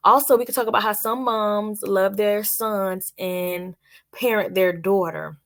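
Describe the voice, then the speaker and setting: A woman's voice: medium pitch, fairly even intonation, a little slow. Chatty woman reviewing a TV series. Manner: chatty, addresses viewers directly. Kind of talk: casual spoken review.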